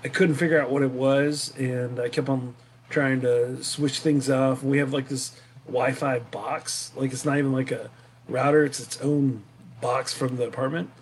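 A man with a middle-pitched voice hosts a casual chat, talking loosely and hesitating often. A faint hiss of background noise sits under his voice. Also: steady tone, moderate pace. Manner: loose, hesitant, full of fillers. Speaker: host.

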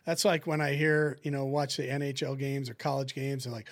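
A middle-aged man, a former hockey goalie, telling lively stories in a casual chat and acting out what people said. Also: mid-range voice, a little fast. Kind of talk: casual storytelling in a podcast chat.

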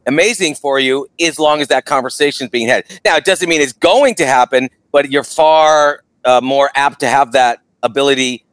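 A man in casual podcast chat, emphatic and quick to agree. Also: medium pitch, fairly bright tone, dry recording.

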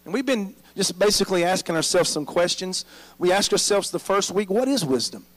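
A man's voice: high-pitched, animated, brisk, a bit bright, low-quality recording. A man preaching a sermon as pastor, drawing the congregation in with frequent "amen?" prompts.

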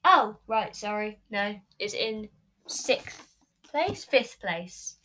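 A woman's voice: mid-range voice, very animated, very slow, pushed and bright, low-quality recording. A woman vlogging from her bed, ranking books in a rambling, gushing way with many fillers. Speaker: book vlogger. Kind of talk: casual book ranking vlog. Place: bedroom, sitting on her bed. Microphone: camera recording.

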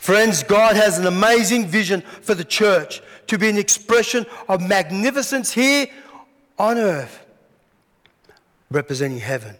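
Male pastor with a high voice who acts out his sermon stories, recorded in a big echoing hall. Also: unhurried. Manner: animated storytelling, acts out scenes. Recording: long hall reverb.

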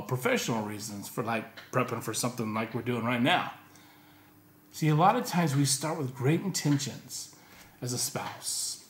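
Animated male pastor, echoey room. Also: mid-range voice. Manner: animated, conversational preaching with rhetorical questions. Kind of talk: sermon. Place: church.

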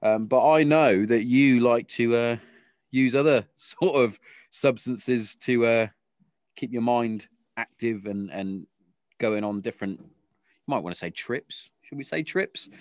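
A man's voice: medium pitch, measured pace, no echo, studio quality. A British man hosting a casual podcast chat, talking in a sweary, rambling way with frequent restarts. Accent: British English. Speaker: podcast host.

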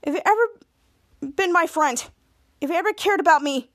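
A woman's voice: very high-pitched, moderate pace, no room sound, clean studio sound. A woman voicing a desperate teenage boy begging a friend for help. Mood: pleading. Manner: urgent, pleading.

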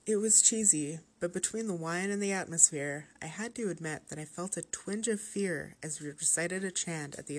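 A woman with a notably low voice reads a horror story aloud, calm and steady. Her narration is measured and even as she carries the listener through the tale.

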